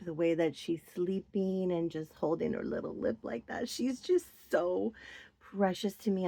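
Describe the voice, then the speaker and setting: A woman's voice: medium pitch, fairly bright tone. A woman, chatting casually and gushing over her collection. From Minnesota. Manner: gushing, doting, with drawn-out praise. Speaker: doll collector vlogger. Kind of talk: casual chat to viewers.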